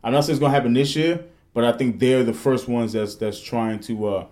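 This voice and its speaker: A man in his thirties chats loosely on a podcast. He swears constantly and tells stories with lots of false starts. His pitch sits in the middle range for a man. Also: fairly quick. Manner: profane, animated storytelling with rambling restarts. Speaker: podcast host. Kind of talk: casual podcast chat.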